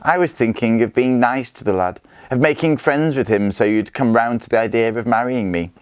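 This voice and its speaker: A man voicing a scheming, boastful Viking warlord who speaks with smooth-talking menace in a read-aloud story. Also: mid-range voice, moderate pace, no echo, clean studio sound, pitched above the performer's own voice, lightly acted. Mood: mocking.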